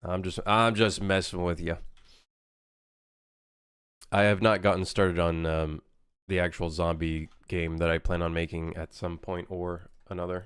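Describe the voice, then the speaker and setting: Low-voiced rambling young streamer guy. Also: flat delivery, measured pace, long pauses, fairly bright tone, smooth, no echo, clean studio sound. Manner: rambling, self-correcting, laughs at himself. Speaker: game dev streamer. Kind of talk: casual live-stream chat.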